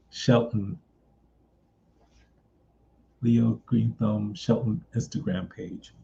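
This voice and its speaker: A man reading cards for viewers in a casual live stream, talking slowly with many pauses. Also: on the low side, creaky, warm tone. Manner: slow, drawn-out delivery with frequent pauses. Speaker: psychic medium doing card readings. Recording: dull lo-fi sound with faint noise.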